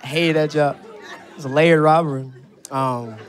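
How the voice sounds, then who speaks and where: Male stand-up comic, high-pitched, animated, live room with audience. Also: normal speed, some chatter behind. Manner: animated, profane, laughing through punchlines. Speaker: stand-up comedian. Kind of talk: stand-up storytelling. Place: live comedy venue with audience.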